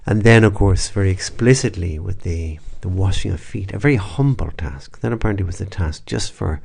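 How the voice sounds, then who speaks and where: A man, a priest, leading a spoken prayer meditation in a reflective, unhurried way, with soft asides and restarts. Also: low-pitched, expressive, gravelly, slightly rough.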